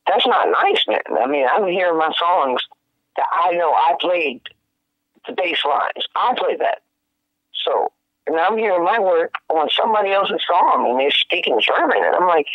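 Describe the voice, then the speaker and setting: Guest musician, male, high voice, animated storyteller, tinny phone-like sound. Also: moderate pace, no room sound. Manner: animated, laughing, slangy and profane. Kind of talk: casual storytelling chat.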